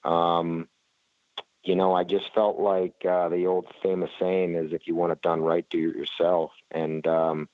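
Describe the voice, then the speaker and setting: A man's voice: deep voice, little pitch movement, a little slow, no room sound, phone-quality sound. A man, a racer being interviewed, talking casually and rambling with lots of fillers and restarts. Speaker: flat track racer, guest.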